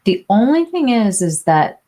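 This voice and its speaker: A woman with a medium-pitched, dark-toned voice sounds very animated while speaking a little slowly. On her relaxed beauty livestream she chats with viewers, replying by name to their comments with many fillers and restarts.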